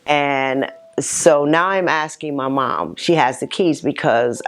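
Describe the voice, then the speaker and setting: A middle-aged woman, a mother, giving a halting personal testimony full of pauses and restarts. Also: extremely low pitch. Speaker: mother telling her personal story.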